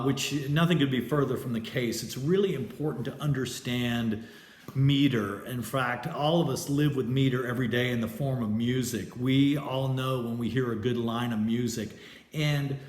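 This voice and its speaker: A man's voice: medium pitch, roomy sound. A man teaching a poetry class in a casual lecture style, hesitant and loose, with many fillers and restarts. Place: classroom with a chalkboard.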